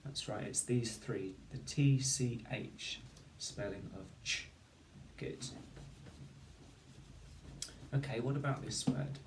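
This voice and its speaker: A male teacher giving a patient phonics lesson, slowly sounding out each word and syllable. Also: mid-range voice. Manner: slow, patient, sounding out words. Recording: roomy, distant mic with faint noise.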